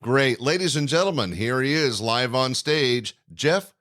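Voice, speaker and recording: A man hosting a podcast, thanking and introducing a guest in a formal announcing manner with many pauses. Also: mid-range voice, expressive. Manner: warm-toned, formal announcing with frequent "uh" pauses. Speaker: podcast host.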